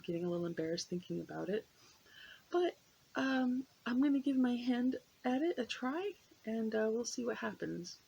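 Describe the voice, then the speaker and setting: A woman's voice: medium pitch, vocal fry, warm tone, slight background noise, poor audio. Rambling American woman vlogging. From United States. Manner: rambling, hesitant, many fillers and restarts. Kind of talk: casual chat to camera.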